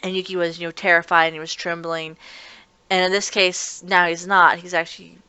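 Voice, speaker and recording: A woman's voice: on the low side, little pitch movement, a little fast, pushed and bright, clean tone, no echo. A woman reviewing an anime episode in a chatty, casual recap, often restarting her sentences. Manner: chatty, restarts often, acts out characters' lines.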